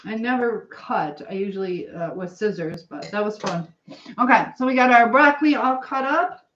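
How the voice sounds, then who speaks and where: A woman's voice: medium pitch, normal speed, lo-fi sound, background noise. A woman hosting a cooking livestream in her home kitchen, chatting casually and rambling to viewers while she cooks. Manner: chatty, rambling, greets viewers, laughs often.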